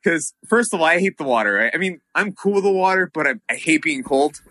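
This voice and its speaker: Animated profane man telling a story. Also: fairly high pitch, fast, dry recording. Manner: animated, profane, lots of fillers. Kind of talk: casual storytelling chat.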